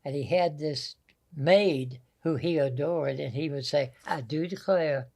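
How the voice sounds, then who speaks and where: A man's voice: on the high side, unhurried, gravelly, a little mellow. An older man with a Southern American accent, telling folksy family stories as an interview guest. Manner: folksy, anecdotal storyteller. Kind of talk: storytelling interview.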